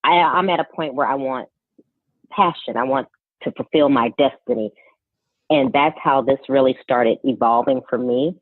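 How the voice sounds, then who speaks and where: A woman's voice: a bass voice, moderate pace, no echo. A woman in her forties hosting a podcast interview, affirming her guest with frequent mm-hmms. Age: 40s. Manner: warm, affirming listener, lots of mm-hmms. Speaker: podcast host. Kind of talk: conversational interview. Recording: tinny phone-like line.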